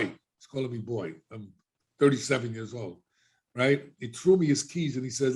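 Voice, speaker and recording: A man's voice: mid-range voice, normal speed. A middle-aged man telling his life story as a podcast guest, casually and animatedly, acting out the voices of people he quotes.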